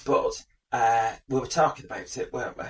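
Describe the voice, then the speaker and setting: A man's voice: medium pitch, a little fast, far from the mic. Chatty man, slightly off-mic. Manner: chatty, rambling, joking. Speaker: podcast co-host. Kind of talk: casual chat.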